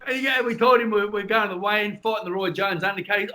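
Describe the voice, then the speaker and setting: An Australian man telling a story in a casual chat, animated and acting out the people in his stories. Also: high-pitched, fast talker. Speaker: guest, former boxer.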